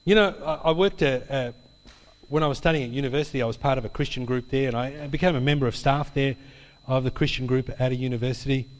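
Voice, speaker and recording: A man's voice: mid-range voice, fast talker. A man preaching a sermon. He tells a personal story in a chatty way, with "you know" and "hey?" tags, before he draws the lesson. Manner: chatty storytelling with tag questions. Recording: long hall reverb.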